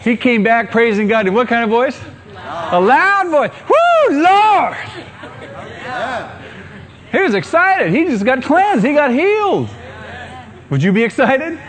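A middle-aged pastor with a very high-pitched voice preaches a sermon, building to excited calls and putting questions to the congregation.

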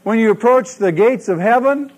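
Male pastor, high voice, lively sermon delivery with call-and-response questions. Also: moderate pace. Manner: animated preaching, asks the congregation questions.

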